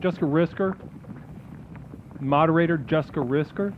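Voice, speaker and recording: A man's voice: fairly high pitch, normal speed, a little hiss or hum. A man hosting a comedic new-age call-in stream, talking in a soothing spiritual-guru patter. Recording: phone-like lo-fi with faint music.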